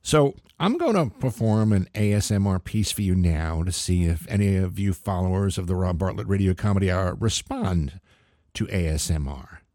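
A man hosting a radio comedy show, delivering a wry, scripted monologue with deadpan asides. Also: deep voice, normal speed, no room sound, clean studio sound. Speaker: comedy podcast host.

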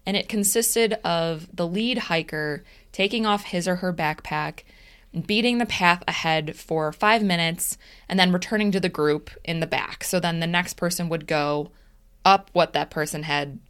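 A woman co-hosting a podcast, narrating a story in a relaxed, casual way and laughing easily. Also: fairly low pitch, normal speed, clear, resonant tone. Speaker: podcast co-host telling the story.

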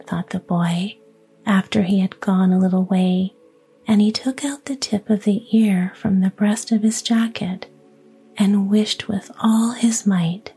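A woman reads a fairy tale entirely in a whisper. Her voice is breathy, mellow and very unhurried, with soft music underneath. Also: mid-range voice. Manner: whispers throughout. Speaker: storyteller.

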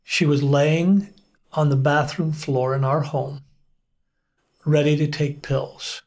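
Middle-aged male pastor, guest: slow, earnest testimony, voice sits a bit high. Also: steady tone, darkish tone. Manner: earnest, unhurried storytelling with frequent pauses. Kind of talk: personal testimony in conversation.

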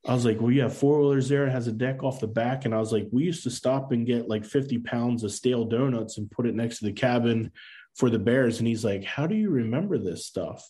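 A man's voice: medium pitch, a little fast, warm tone. A man in his thirties, a podcast guest, telling a personal story in earnest casual talk, acting out quoted lines and using many fillers.

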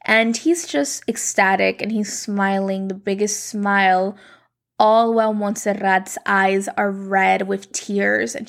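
Young woman recapping a show, slightly gravelly. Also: mid-range voice. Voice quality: quick, animated, quoting characters in her own voice. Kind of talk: casual plot recap.

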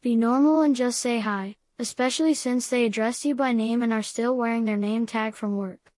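A woman reading scripted comedy narration, giving absurd advice in a calm, matter-of-fact way. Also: a little high, moderate pace, no room sound.

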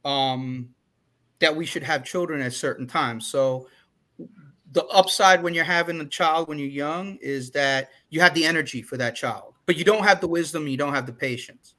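Bright-voiced man in his forties, rambling. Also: on the high side, moderate pace. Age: 40s. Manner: candid, rambling with restarts. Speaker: podcast co-host. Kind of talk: casual chat.

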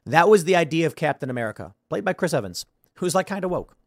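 A man hosting a podcast, giving casual political commentary with an animated, sarcastic delivery that swings between loud bursts and mumbled asides. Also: fairly high pitch, fast talker, dry recording, studio quality. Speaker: podcast host.

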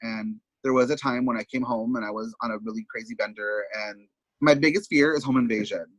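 A man's voice: medium pitch, steady tone, a little fast, no room sound. A man who is a drag performer, the podcast's guest, telling his story candidly in casual talk that is full of swearing. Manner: casual, swears freely, acts out quotes of others.

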